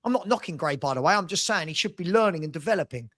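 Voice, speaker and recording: A man's voice: a little high, expressive, quick pace, a bit bright. Male host, fan chat, exasperated ranting delivery. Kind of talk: casual football fan chat.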